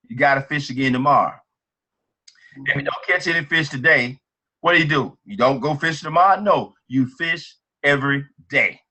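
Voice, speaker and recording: Pep-talk team leader, man, bright and a bit high, energetic and repetitive. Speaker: team leader on a business training call.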